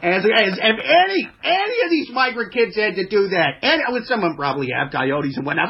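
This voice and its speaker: A man's voice: high-pitched, big pitch swings, a little fast, gravelly, few pauses, slightly rough. A man in casual podcast chat, rambling and profane, often acting out mocking voices. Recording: dull lo-fi sound.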